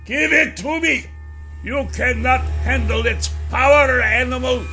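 A cruel male sorcerer sliding back into goblin form, voiced by a man, his high voice snarling and gloating at a slow, drawn-out pace. His voice is bright and cutting. It is an audiobook character voice with faint music underneath. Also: heavily acted. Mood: raging.

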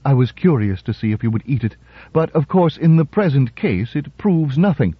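A man reading aloud and voicing a cool, precise woman robot psychologist who lectures in a crisp, clinically detached way. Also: mid-range voice, sing-song, moderate pace, no echo, pitched above the performer's own voice. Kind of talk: radio story reading. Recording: dull, dry radio recording.

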